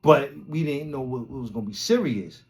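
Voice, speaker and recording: A man from Brooklyn, hosting a podcast and telling a story in a casual, slang-heavy way, acting out loud quotes as he goes. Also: medium pitch, lively intonation, a little fast. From Brooklyn, New York. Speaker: podcast host.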